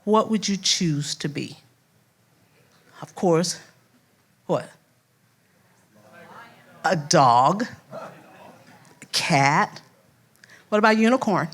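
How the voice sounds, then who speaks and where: A woman's voice: on the low side, very slow, pauses often. An older woman from Louisiana with a Southern accent, a first-grade teacher giving a heartfelt speech and acting out her students' voices as she tells stories. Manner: animated storyteller, acts out voices, laughs often. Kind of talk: heartfelt speech at an awards event.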